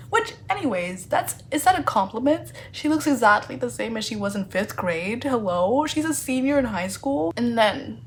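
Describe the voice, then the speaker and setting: A woman chatting casually in a book review vlog, animated and playfully sarcastic, with lots of fillers. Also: a little high, normal speed, a little hiss or hum.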